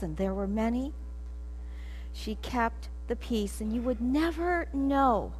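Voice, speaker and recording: Middle-aged woman, guest speaker in a church sanctuary, animated storyteller, slow and deliberate. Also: on the high side, a little hiss or hum. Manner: animated, acts out scenes and laughs at her own story. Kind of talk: personal storytelling talk.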